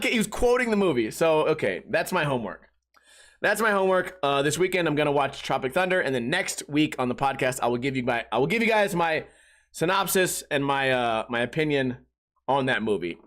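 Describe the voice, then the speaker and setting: Male podcast host, high and bright voice, casual exasperated comic rant. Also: lively intonation, fairly quick. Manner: exasperated storytelling, mimics friends in raised voice.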